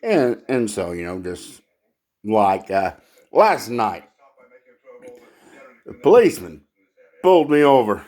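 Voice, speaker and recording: Low-voiced man doing halting stand-up. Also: big pitch swings, a little mellow. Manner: halting, laughs at his own jokes. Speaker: stand-up comedian. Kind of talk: stand-up comedy.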